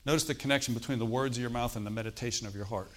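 A man's voice: medium pitch, racing. A man preaching a sermon, telling a personal testimony in a conversational way and often checking in with the congregation. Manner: conversational preaching, frequent "Okay?" check-ins.

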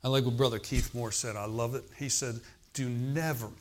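A man's voice: medium pitch, fairly even intonation, a little fast, slight background noise. A man preaching a sermon in a conversational way. He asks the congregation questions and adds emphatic exclamations.

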